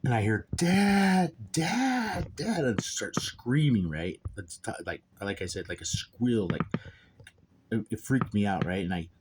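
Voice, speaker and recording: Rambling, emphatic man with a low voice. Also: moderate pace, noisy background. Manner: rambling and emphatic, repeating "okay?" and "dude". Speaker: father telling a personal story. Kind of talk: casual spoken monologue.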